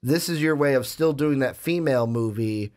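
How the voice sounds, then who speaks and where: A young man co-hosting a casual film podcast talks at a moderate pace in a medium-pitched, slightly mellow voice. He rambles, restarting and using fillers, and eventually lands on pointed questions.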